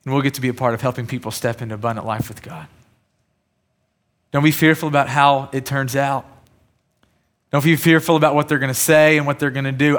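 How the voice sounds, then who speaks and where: A man's voice: medium pitch, a little fast, a bit bright. A man preaching a sermon, telling personal stories in a conversational way and building to emphatic points. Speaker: pastor.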